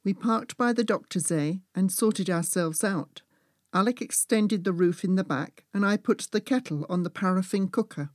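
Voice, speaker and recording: A woman, reading her own travel memoir in a steady, measured storytelling manner. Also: mid-range voice, dry recording, studio quality. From England. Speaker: author and narrator.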